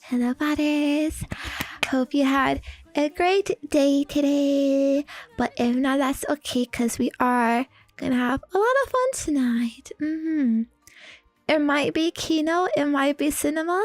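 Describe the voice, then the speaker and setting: A high-pitched woman chats with her stream audience in a giggly, teasing way. She speaks at an unhurried pace, with faint music playing underneath. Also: dry recording. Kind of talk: casual live-stream chat.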